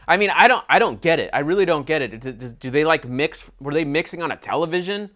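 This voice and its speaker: Angry guy ripping into a movie, swearing nonstop, voice swinging all over the place, pretty high. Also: lively intonation, quick pace, fairly bright tone. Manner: furious, sweary, exasperated ranting. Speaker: movie reviewer. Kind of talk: angry movie review rant.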